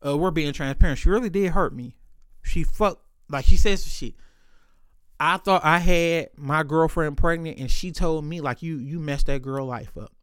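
A man's voice: a little high, normal speed, a bit bright, clear, resonant tone, dry recording, studio quality. A man telling stories in a casual monologue, talking candidly and swearing freely as he goes. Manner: candid, profane, and loose, with frequent swearing.

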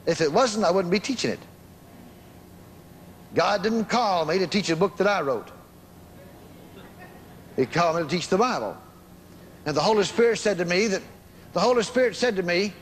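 A man preaching with emphatic repetition and deliberate slow stretches on key words. His voice sits high and rises and falls widely. A long reverb trails him in a large hall with faint noise beneath. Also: expressive. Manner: emphatic, repeating phrases, sudden slow-downs. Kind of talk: sermon.

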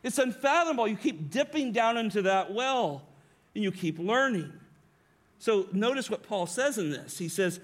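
A pastor preaching a sermon to his congregation, emphatic, often tagging lines with a rhetorical "right?" and slowing down on key phrases. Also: high-pitched, animated. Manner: varies pace and volume, slowing on key phrases. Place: church sanctuary.

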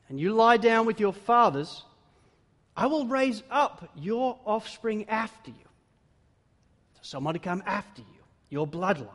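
A man preaching a sermon, with dramatic swings between loud exclamations and hushed emphasis. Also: high-pitched. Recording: long hall reverb.

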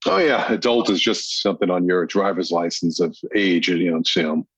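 A man's voice: low voice, fairly quick, fairly bright tone, slightly rough, no room sound. A man, a police detective as guest, talking in a laid-back, friendly way and leaning on "you know" a lot. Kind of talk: casual chat.

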